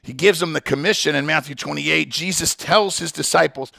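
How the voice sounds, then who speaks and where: Male preacher, sermon delivery, gravel in the voice, dry and close-miked. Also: a little high, normal speed, bright, forceful tone, no room sound. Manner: emphatic preaching with repeated restarts. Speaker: pastor.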